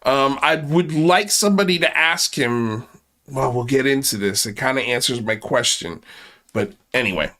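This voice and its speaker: A man's voice: medium pitch, fairly bright tone. A man hosting a commentary channel, speaking in sarcastic, mocking asides with exaggerated exclamations. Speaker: channel host.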